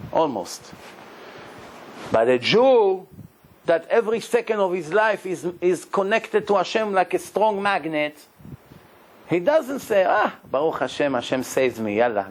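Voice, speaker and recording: In this low-quality recording with a little hiss or hum, a man with a slightly high voice, a rabbi, tells stories during a sermon. He's an animated storyteller who acts out the people in his tales and laughs often.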